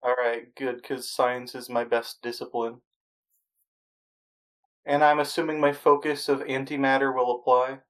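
Casual player asking quick questions. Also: mid-range voice, little pitch movement, a bit bright, rough recording. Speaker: tabletop player. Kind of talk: playing a tabletop role-playing game.

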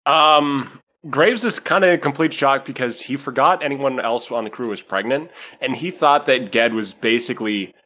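A man's voice: mid-range voice, normal speed, bright, forceful tone. A man playing a tabletop game, describing what his character does in a loose, casual way. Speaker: player.

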